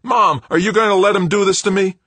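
A deep-voiced male narrator voicing a sullen young man whose voice climbs high and whiny when he is thrown out. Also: a little fast, a bit bright, dry recording. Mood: aggrieved. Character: young adult man, sullen, petulant son.

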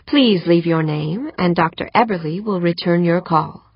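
A woman reading a polite automated phone message in a low, husky, stiff and formal voice. The sound is dull and dry. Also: normal speed, no room sound. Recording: dull muffled audiobook recording.

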